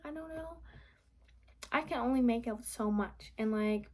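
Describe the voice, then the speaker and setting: Raspy young woman venting late at night. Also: a little high, a little slow, darkish tone. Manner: rambling, frequent "like", drops to whispers. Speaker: vlogger. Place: apartment at night.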